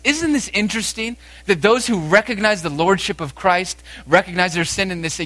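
A man preaching a sermon, speaking with emphasis and moving between raised exhortation and quiet, intense passages. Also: high-pitched, moderate pace, hardly any pauses, dry recording.

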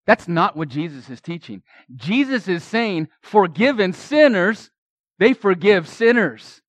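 A man preaching an expository sermon in a church, earnest, building up to loud emphatic lines and then dropping to quiet ones. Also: on the high side, no room sound. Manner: earnest preaching that swells for emphasis and drops soft. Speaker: pastor.

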